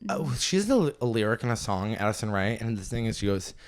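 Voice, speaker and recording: A man's voice: on the low side, fast, clear, resonant tone. Gossipy young man telling a comedy story. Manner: animated, gossipy, bursts into loud laughs. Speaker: podcast host and stand-up comedian. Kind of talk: casual storytelling chat.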